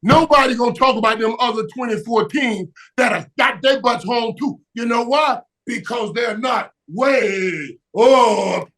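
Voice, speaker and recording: Guest spot: excitable high-pitched man, repeats himself, punches words hard. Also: measured pace, hardly any pauses. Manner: emphatic, repeats words, shouts for emphasis, laughs often. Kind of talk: animated sports talk.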